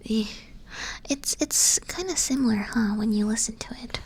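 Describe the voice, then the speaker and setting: A woman whispering softly in an ASMR stream, patiently teaching and correcting herself as she goes. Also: a little high, normal speed, a little hiss or hum, low-quality recording. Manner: soft unvoiced whisper, patient, self-correcting. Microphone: close ASMR microphone.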